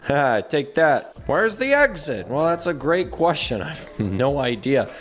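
A man hosting a gaming channel, giving excitable, jokey commentary to viewers while he plays. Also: fairly high pitch, measured pace, soft background music. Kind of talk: casual gameplay commentary.

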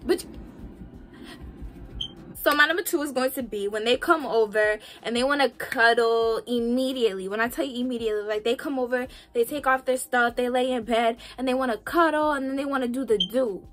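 A young woman vlogging casual relationship advice, sassy and animated, talking straight to the viewer. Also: fairly high pitch, a little fast.

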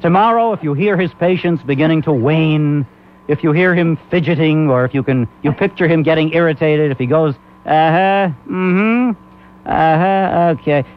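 A man's voice: fairly high pitch, brisk. A man hosting a comic talk radio show, rambling and laughing often. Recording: muffled old AM radio recording.

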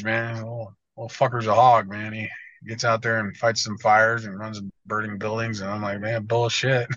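A blunt American man chats as a podcast guest, swearing freely and tripping over his own restarts. His voice is bright and forceful. The sound is dull and lo-fi, with a dry, close feel. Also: on the low side, dry recording. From United States. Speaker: guest motocross editor. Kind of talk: casual podcast chat.

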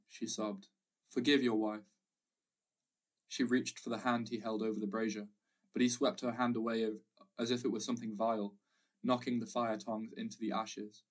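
A man reading a literary short story aloud in a measured, reflective way. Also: fairly low pitch, recorded from a distance. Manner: measured, reflective, slow pauses. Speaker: audiobook narrator. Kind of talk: literary audiobook narration.

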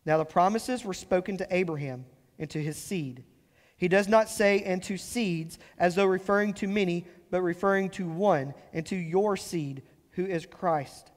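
A man with a high voice preaches a sermon, reading scripture and explaining it. He slows down and lifts his voice to press home the words that matter. His voice rings with a long reverb through a church sanctuary. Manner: explains scripture with emphatic rises and slow stressed phrases. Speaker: pastor.

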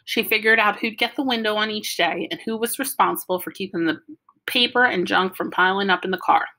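A woman reading a novel aloud with lively, wry storytelling. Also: medium pitch, a little fast. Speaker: audiobook reader. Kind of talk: storytelling narration.

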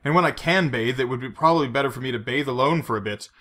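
A man's voice: medium pitch, fast talker, sharp tone. A man reading aloud voices a wounded male spy, dry and clipped. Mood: bitter.

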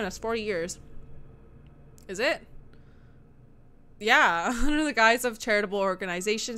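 A woman's voice: mid-range voice, sharp tone. A woman livestreaming a horror game, frightened and jumpy, chatting with viewers and reading prompts aloud. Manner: jumpy, nervous, talks to chat, reads tutorial prompts aloud.

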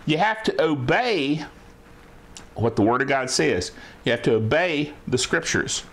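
A man preaching a sermon who reads scripture slowly and often asks the listeners "Amen?". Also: medium pitch, big pitch swings, a bit bright. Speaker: pastor.

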